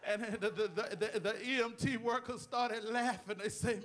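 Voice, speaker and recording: High-voiced preacher calling out amens. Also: male voice, steady tone, moderate pace, few pauses, fairly bright tone. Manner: call-and-response preaching, repeated amens, rhetorical questions. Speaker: pastor. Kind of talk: sermon.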